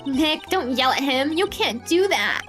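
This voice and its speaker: A bubbly young spirit medium who teases her partner, as a woman reads her. High, slow and upbeat, with music behind. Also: animated, fairly bright tone. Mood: cheerful. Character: cheerful young female spirit medium, teasing.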